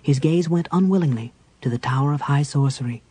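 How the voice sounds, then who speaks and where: A man narrating a fantasy novel as an audiobook with even storytelling delivery. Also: a little high, fairly quick, breathy edge, poor audio.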